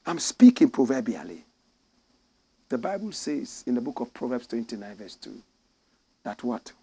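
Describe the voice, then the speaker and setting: Fiery Ghanaian man ranting, gravelly. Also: sing-song, moderate pace. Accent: Ghanaian English. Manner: fiery, indignant, preachy, swings from shouting to low intensity. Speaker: host. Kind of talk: impassioned commentary.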